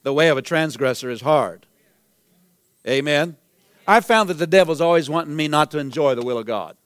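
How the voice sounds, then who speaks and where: Emphatic high-voiced preaching man. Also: expressive, fairly quick, a bit bright, dry recording. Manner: preaching with rising emphatic exclamations. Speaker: pastor. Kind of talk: sermon.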